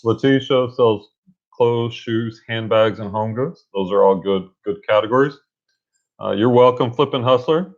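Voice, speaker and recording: A man's voice: mid-range voice, a little slow. A man co-hosting a casual livestream about reselling, upbeat and reading viewer comments aloud. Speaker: reseller co-host. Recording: dull lo-fi livestream audio.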